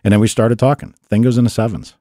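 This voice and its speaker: A man tells a long story in a relaxed, profane way. His voice sits fairly low and sounds close and dry, with no room around it. He talks like a podcast regular swapping car stories. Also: fast talker, dry recording. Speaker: podcast host. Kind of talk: casual chat. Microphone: studio mic.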